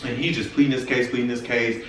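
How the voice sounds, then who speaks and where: A man's voice: mid-range voice, little pitch movement, quick pace, fairly bright tone, recorded from a distance, slight background noise. A young man telling a personal story to his viewers in a frank, profane, casual way. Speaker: vlogger. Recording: echoey room, voice from off-mic.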